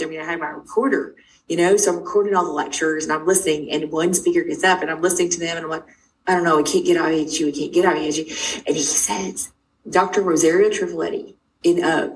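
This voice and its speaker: A middle-aged woman, a guest, telling her own story quickly and emphatically, acting out the dialogue she quotes. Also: fairly low pitch, fairly even intonation. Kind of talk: animated personal storytelling. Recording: distant mic with faint noise.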